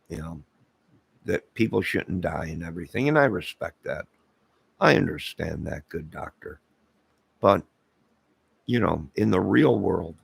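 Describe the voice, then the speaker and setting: A man's voice: low voice, no echo. A man hosting his own channel, talking in a rambling, casual commentary monologue full of fillers and asides. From Illinois. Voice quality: very gravelly, husky voice. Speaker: channel host.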